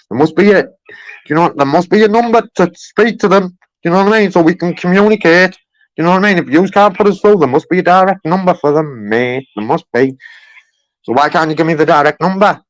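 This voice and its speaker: A man's voice: high-pitched, a little fast, no room sound, rough recording. A man making a heated phone complaint, insistent and repetitive, filling his talk with "you know what I mean". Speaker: caller.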